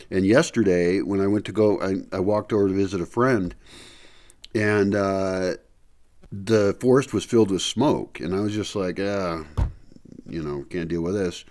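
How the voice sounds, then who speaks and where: Low-voiced man rambling in a vlog. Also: unhurried, darkish tone. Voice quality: slightly muffled speech from a candy in his mouth. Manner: rambling, thinking aloud with many fillers. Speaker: vlogger. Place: house indoors before dawn.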